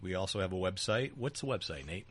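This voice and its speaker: A man's voice: sits low, animated, quick pace, a bit bright, slight background noise. A man co-hosting a casual political talk show, joking and teasing his partner, with frequent fillers and restarts. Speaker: podcast co-host. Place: small back-room studio.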